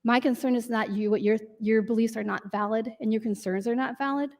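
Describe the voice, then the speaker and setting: Lady senator making her case on the floor, earnest, pushy tone, highish voice. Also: steady tone, fairly quick, darkish tone. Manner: earnest, insistent. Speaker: state senator. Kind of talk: floor debate speech. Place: legislative chamber.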